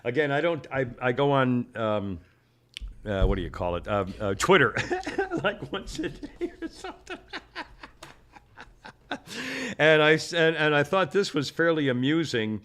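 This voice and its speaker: A man's voice: fairly high pitch, sing-song, a little slow, pauses often, a bit bright. Rambling man hosting a podcast. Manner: rambling, self-interrupting, laughs often. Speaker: podcast host. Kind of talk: casual rambling chat.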